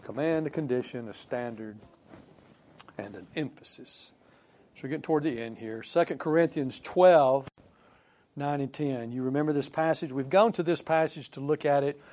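A man preaching a sermon in a conversational way, putting questions to his congregation and swinging from quiet asides to emphatic points. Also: medium pitch, moderate pace. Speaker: pastor.

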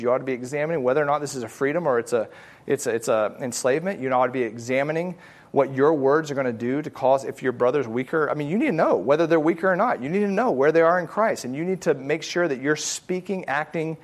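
A man teaching a Bible study in an earnest, conversational way, repeating phrases for emphasis and often asking whether his point makes sense. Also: a little high. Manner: earnest, checks in with listeners often.

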